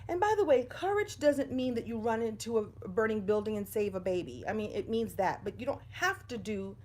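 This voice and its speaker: A woman's voice: medium pitch, animated, moderate pace. A middle-aged woman speaks to her livestream viewers from a room at home, in front of a bookshelf. She talks in a chatty, personal way about life lessons. The sound comes from a simple phone or webcam setup. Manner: warm, chatty, greets viewers by name. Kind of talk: live-streamed inspirational talk.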